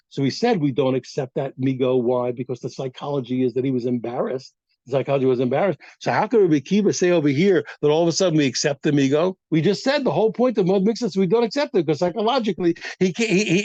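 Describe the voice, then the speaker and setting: A man teaching a daily Talmud class, animated and repeating phrases as he thinks aloud, on a dull lo-fi recording. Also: fairly high pitch, fast talker, no echo.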